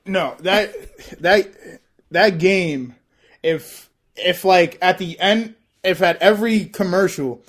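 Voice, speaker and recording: A man as a podcast guest in casual chat, excitable and laughing often, calling the host bro. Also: high-pitched, slow.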